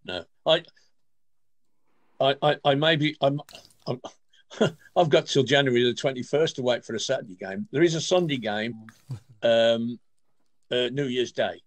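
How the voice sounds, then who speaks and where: An older man from England with a Midlands accent, a regular on a football chat show, talking in a halting, self-deprecating way. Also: mid-range voice, dry recording. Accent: English Midlands. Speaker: regular pundit. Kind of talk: casual chat.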